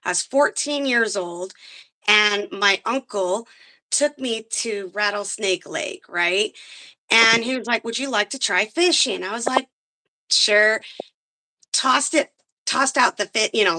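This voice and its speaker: Bright, animated woman angler. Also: mid-range voice, unhurried. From grew up on military bases. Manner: animated, laughs often, acts out quotes. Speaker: guest angler. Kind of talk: casual interview storytelling.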